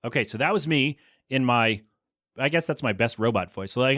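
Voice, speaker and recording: A man's voice: mid-range voice, expressive, a little fast, a bit bright, dry recording, clean studio sound. A man hosting his own podcast, chatting casually on his own and rambling, restarting his sentences and voicing blunt opinions. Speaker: podcast host. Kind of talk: casual solo podcast chat.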